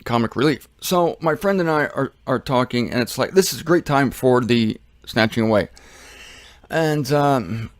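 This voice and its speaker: A man's voice: medium pitch, moderate pace, no echo. A man giving casual Bible teaching, rambling and joking with self-deprecating asides.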